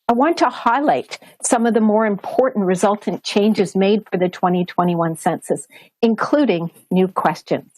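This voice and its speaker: A Canadian woman delivers a prepared statement at an official press briefing. Her voice sits at a middle pitch and her delivery is formal and measured. The sound is dry and close, with little room echo. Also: a little mellow. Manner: formal, measured delivery, switching between English and French.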